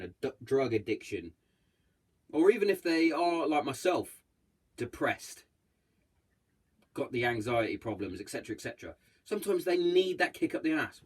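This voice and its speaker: A man's voice: medium pitch, expressive, slightly rough. A man hosting his own podcast, chatting casually in a blunt, heavily sweary way and acting out bits of what others said. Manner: acts out others' lines in quick voices. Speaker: podcast host. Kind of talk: casual solo podcast chat.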